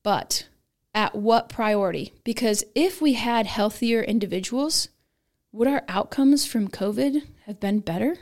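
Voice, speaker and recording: A woman's voice: a little high, unhurried, a little mellow. A woman guest in a podcast interview, talking earnestly and emphatically about policy. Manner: earnest, emphatic, rising to stress points. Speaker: nurse guest, advocacy founder.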